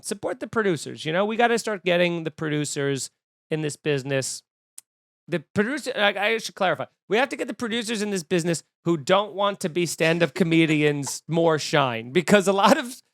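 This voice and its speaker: A man's voice: fairly high pitch, clean tone, no room sound, clean studio sound. A young man hosting a comedy podcast, ranting casually and acting out the voices of people he quotes. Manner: animated, acts out quoted voices.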